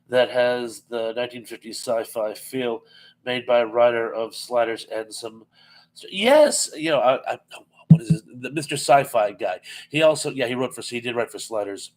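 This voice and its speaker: A man's voice: medium pitch, moderate pace, darkish tone, poor audio. A man hosting a casual live-stream chat, reading viewer comments aloud with lots of ums and easy laughs. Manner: chatty, laughs easily, reads comments aloud with many fillers.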